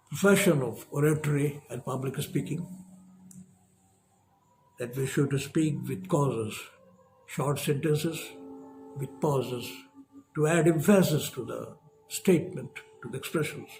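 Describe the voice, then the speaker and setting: Male professor, lecturing at an unhurried pace in a fairly high voice, pausing for emphasis. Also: dark tone, slight background noise. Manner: measured, emphatic, with long pauses.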